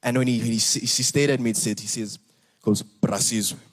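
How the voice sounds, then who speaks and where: A young man preaching a sermon, earnest and animated, repeating words and rising for emphasis. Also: medium pitch, brisk. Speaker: pastor.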